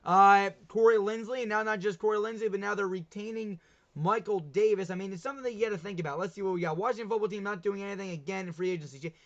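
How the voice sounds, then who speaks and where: A man's voice: sits high, fast talker, fairly bright tone. A young man hosting a casual sports talk livestream, chatty and rambling, often laughing at himself. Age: young adult. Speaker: livestream host. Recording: dull lo-fi stream audio.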